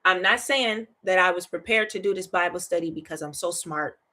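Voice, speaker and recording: A woman hosting a Bible study in a casual, chatty teaching style. She is animated, laughs often, keeps asking "right?" and repeats phrases for emphasis. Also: fairly low pitch, a little fast.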